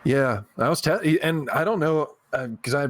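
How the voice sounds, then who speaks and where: A man's voice: on the high side, moderate pace, no echo. A man co-hosting a gaming podcast, talking eagerly in a rambling casual way. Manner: enthusiastic, rambling with fillers. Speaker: podcast co-host. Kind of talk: casual chat.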